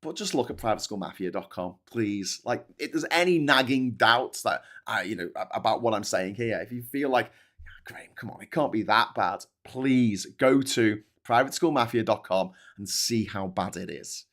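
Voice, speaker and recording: A man's voice: on the low side, moderate pace, few pauses. A man hosting a live stream who rants and swears as he reads out viewer comments. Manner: ranting, sweary, animated. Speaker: host.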